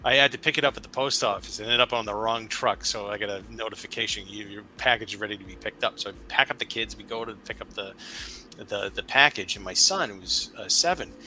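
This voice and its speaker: A chatty man hosts a podcast, telling a rambling, animated story. His voice is very bright and sharp-edged, over a faint hiss of background noise. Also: on the low side, a little fast, rough recording. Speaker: podcast host and father. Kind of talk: casual conversation.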